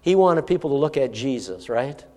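A man's voice: mid-range voice, sing-song, normal speed, a little mellow, long reverb tail. A man preaching an expository sermon in a conversational way, now and then rising into emphatic bursts. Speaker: pastor.

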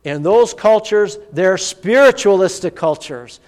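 A man's voice: sits high, lively intonation, measured pace. A man preaching a sermon, telling a personal story in an earnest, vivid way. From United States. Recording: long hall reverb.

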